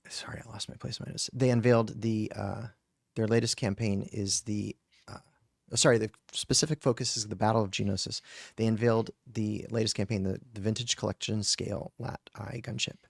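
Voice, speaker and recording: A man runs through a podcast news segment from his notes, stumbling now and then with ums and restarts. His voice sits fairly low and has a gravelly, crackly edge. The sound is dry and close. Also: fairly even intonation, moderate pace, no room sound. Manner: reads from notes with fillers and restarts. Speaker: podcast host reading news. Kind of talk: casual news roundup.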